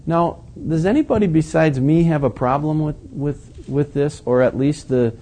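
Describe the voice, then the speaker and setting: A man's voice: on the high side, normal speed, warm tone. A man preaching a sermon in a conversational, questioning way, stressing his points with emphasis.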